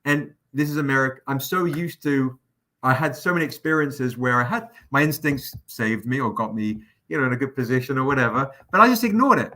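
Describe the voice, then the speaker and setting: A man hosting a livestream, telling an anecdote in a casual, animated, profane way. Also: mid-range voice, brisk. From England. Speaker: comic publisher hosting a livestream.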